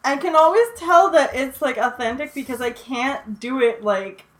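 A woman's voice: high voice, normal speed. A woman co-hosting a casual podcast chat, rambling and swearing, a bit tipsy from drinking. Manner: laughs often, swears, rambling with many likes. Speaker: podcast co-host. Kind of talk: casual chat about a horror movie.

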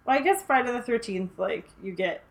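A young woman in casual chat about horror films, animated, swearing freely and using lots of fillers. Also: fairly high pitch, brisk.

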